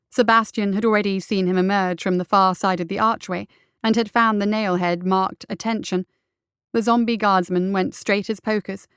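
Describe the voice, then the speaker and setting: Female story reader, smooth and steady, dry close-miked narration. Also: medium pitch, no echo. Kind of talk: audiobook narration of fiction.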